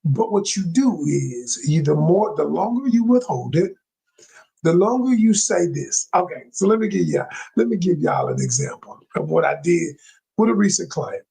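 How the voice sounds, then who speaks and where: Lively, gravelly-voiced man coaching. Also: on the high side, normal speed, rough recording. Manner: emphatic, repeats key phrases, addresses listeners as y'all. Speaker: relationship coach. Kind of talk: live coaching talk to viewers.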